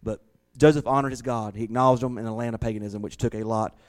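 A male preacher tells a personal story from the pulpit in plain, down-home words, his voice sitting at a middle pitch. He draws out key phrases slowly for weight, then eases back into easy conversational talk. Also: steady tone, darkish tone. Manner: folksy, slows down for emphasis. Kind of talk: sermon storytelling.

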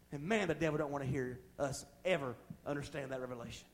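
A man preaching a fervent sermon in a church. He talks in a folksy, plain-spoken way with humorous asides, and his delivery swells from quiet passages to loud ones. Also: mid-range voice, fast, hardly any pauses. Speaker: pastor.

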